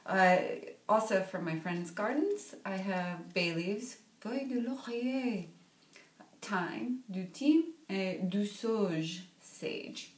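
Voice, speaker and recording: A woman's voice: mid-range voice, slow pace. Chatty woman in an echoey kitchen. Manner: chatty and playful, tossing in French words. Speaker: cookbook author and vlogger. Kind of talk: casual cooking vlog. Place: home kitchen.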